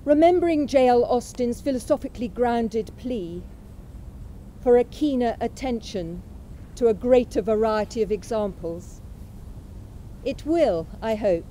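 At a memorial event in a college chapel, a woman with a fairly high, mellow voice reads from a lecture. She is measured, unhurried and literary, letting each line breathe without showiness, over slight background noise on a rough recording.

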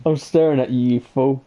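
A man's voice: medium pitch, moderate pace, mellow. A man playing a block-building game with a friend, teasing him playfully and giggling often. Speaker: co-player. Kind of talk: casual let's-play chat. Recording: muffled, lo-fi voice chat with faint background noise.

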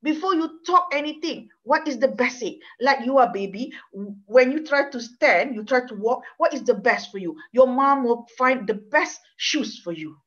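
A woman's voice: high-pitched, lively intonation, moderate pace, few pauses, a bit bright. Earnest Malaysian woman lecturing on law. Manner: earnest, emotional, repeats words, non-native phrasing. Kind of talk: university lecture with personal story. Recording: dull lo-fi sound.

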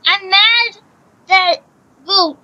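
A woman's voice: very high voice, extremely slow, pushed and bright, no echo, lo-fi sound. A woman giving casual commentary over a video game, rambling, repeating herself and talking to the character on screen. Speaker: gaming channel host.

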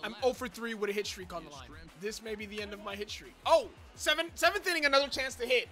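A young man giving excitable commentary over his own baseball video game, chatting to viewers and shouting and groaning at each play. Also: sits high, quick pace, soft background music. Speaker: gaming channel host. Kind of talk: live gameplay commentary.

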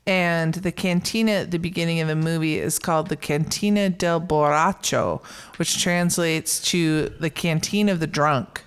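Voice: mid-range voice, moderate pace, smooth. A podcast co-host in a casual film discussion, retelling scenes with a laugh and acting out quoted lines.

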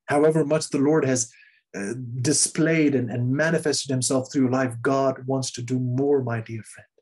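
A man preaching a sermon in an earnest, emphatic way, repeating phrases and letting key lines fall soft and low. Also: steady tone, moderate pace.

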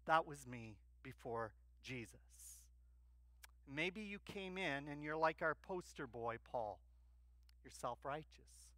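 A man's voice: on the high side, animated, slow, pushed and bright, dry recording. A male pastor preaching a sermon in a church, emphatic, asking the congregation questions and answering them himself.

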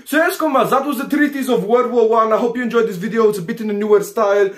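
A man hosts a comedic history explainer video, joking, swearing, and constantly calling his viewers comrades. His voice is extremely high-pitched and quick.

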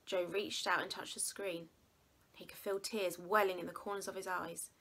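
A woman reading a children's novel aloud with expressive storytelling. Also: fairly low pitch, normal speed, breathy edge. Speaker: reader.

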